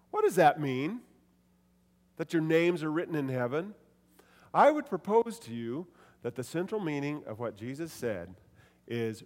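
A pastor preaching a sermon to a congregation, animated, voicing quoted lines with shifts in pitch and loudness. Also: male voice, a little slow, long reverb tail.

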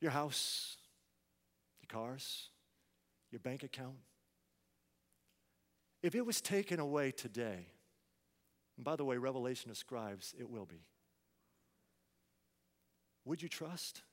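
A man's voice: medium pitch, lively intonation, takes it slowly, long pauses, in a large hall. A man preaching a sermon, asking the congregation rhetorical questions and acting out people's complaints.

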